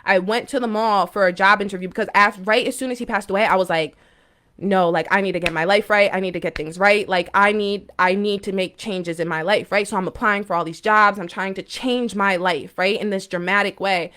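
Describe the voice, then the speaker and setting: Speaking to viewers on her spiritual live stream, a young woman tells a personal story emphatically and ramblingly, full of fillers and restarts. Her medium-pitched voice is steady, brisk, and a bit bright, captured through a phone or webcam mic.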